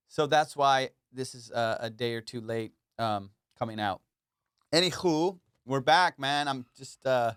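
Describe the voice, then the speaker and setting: A man's voice: medium pitch, normal speed, a bit bright, clean tone, dry recording. Playful rambling man, clean dry voice. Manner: rambling, playful and self-mocking, swears freely. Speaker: comedian hosting his own podcast. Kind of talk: casual solo podcast chat.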